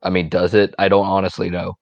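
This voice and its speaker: Bemused, rambling low-voiced man. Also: completely flat delivery, a little fast, vocal fry, no echo, lo-fi sound. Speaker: player. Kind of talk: casual tabletop game chat.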